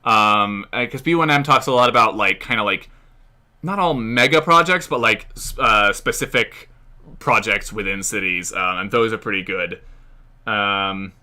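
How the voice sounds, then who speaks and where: American male channel host, casual live Q&A, filler-heavy, crisp bright voice. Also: lowish voice, moderate pace. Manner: rambling, many fillers, chuckles often. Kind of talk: casual live-stream Q&A chat.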